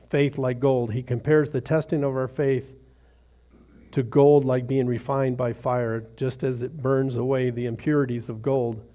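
A man's voice: medium pitch, dark tone. A man leading an informal devotional talk for a small group in a rambling, self-deprecating, conversational way. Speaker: lay speaker leading a devotional.

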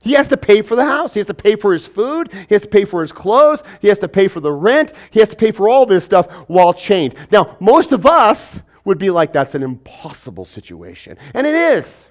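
A man's voice: high-pitched, big pitch swings, fairly quick, few pauses. A man preaching a sermon, asking and answering his own rhetorical questions and acting out voices from the stories he tells. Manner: acts out biblical and everyday voices.

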